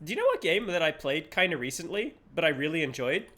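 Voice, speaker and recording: A man's voice: on the high side, sing-song, quick pace, pushed and bright. A man streaming a game live, chatting playfully, laughing often and swearing casually, at a desk mic.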